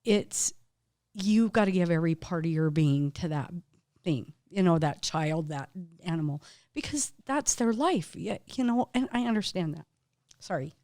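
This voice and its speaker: A woman's voice: fairly low pitch, lively intonation, normal speed, mellow, no echo, clean studio sound. Heartfelt, emotional woman storyteller. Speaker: acupuncturist guest. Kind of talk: casual interview conversation.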